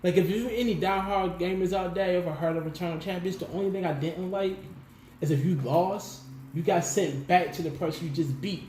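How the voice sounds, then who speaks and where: Animated male storyteller, echoey room. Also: sits high, brisk. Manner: animated, laughs often, acts out quotes. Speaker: musician guest. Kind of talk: casual interview storytelling. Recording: echoey room with faint background noise.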